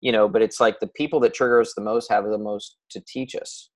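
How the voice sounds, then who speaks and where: Blunt, low-voiced male coach. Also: steady tone, fairly quick. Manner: blunt, swears freely, many restarts. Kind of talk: casual coaching call.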